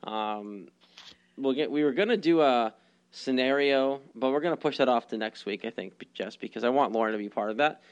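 A man's voice: medium pitch, a little fast, clean tone, muffled recording. A man co-hosting a casual sports podcast, rambling with lots of ums and restarts. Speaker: podcast co-host.

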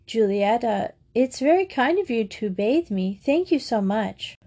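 A woman's voice: on the high side, animated, a little slow, warm tone, pitched above the performer's own voice. A woman voicing a shy, timid little girl with a small, hesitant voice.

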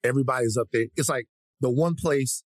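A man's voice: medium pitch, brisk, no room sound. A male podcast co-host telling a story with energy and profanity, acting out the people in it. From Africa. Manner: lively, profane, mimics people in his stories. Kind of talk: animated storytelling chat.

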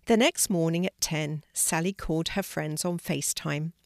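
An older woman narrating a children's story in a calm, even reading voice. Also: low voice, normal speed, creaky, no room sound. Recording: dry close recording.

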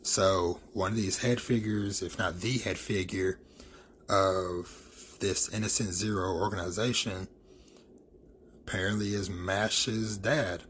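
A man with a deep, slightly bright voice recaps a manga chapter in a loose, rambling way, his tone steady and his pace a little slow. He leans heavily on fillers and says "freaking" a lot, with slight background noise behind him.

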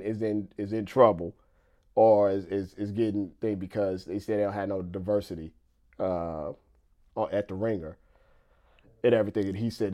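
A man's voice: fairly low pitch, mellow. Rambling man chatting on a live stream. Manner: loose and conversational, stacks up "you know" and repeats himself. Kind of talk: casual live-stream chat.

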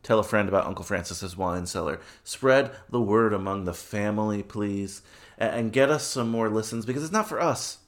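Low-voiced tipsy man rambling on a podcast. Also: normal speed. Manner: rambling, stumbles over words. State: tipsy from wine. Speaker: podcast co-host. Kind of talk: casual film podcast chat.

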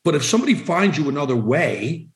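Podcast guest: man with a slightly high voice, direct and emphatic, recorded in a roomy space. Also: big pitch swings, fast talker. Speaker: vanity phone number seller. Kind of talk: conversational podcast interview answers.

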